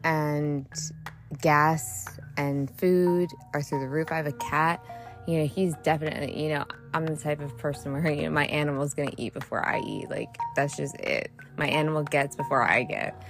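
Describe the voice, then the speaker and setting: Over music, a woman with a low voice speaks at a moderate pace in a solo podcast monologue. Frustrated and heated, she rambles and swears heavily, her thoughts scattering and starting over.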